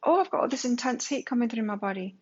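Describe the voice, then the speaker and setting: A woman's voice: a little high, expressive, fast, a little mellow, slightly rough, highs cut off. A woman giving a casual tarot reading to her viewers, speaking candidly and swearing now and then. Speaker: tarot reader.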